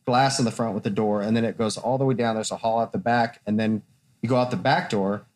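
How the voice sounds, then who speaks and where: A man's voice: fairly low pitch, fairly even intonation, fast, darkish tone. A man, a tattoo artist and podcast host, telling a long story in casual, profane chat and acting out the people in it.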